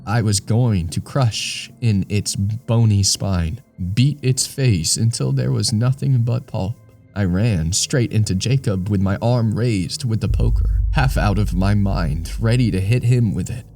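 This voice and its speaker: A man reading a scripted first-person horror story in a deliberate, ominous way. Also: lowish voice, creaky, dark tone.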